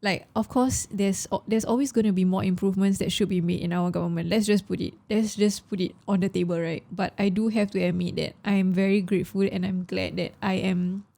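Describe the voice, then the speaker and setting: Young Singaporean woman, podcast co-host, mellow tone, emotional and chatty, slips into Malay. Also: mid-range voice, steady tone, brisk, vocal fry, few pauses. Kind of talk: casual chat.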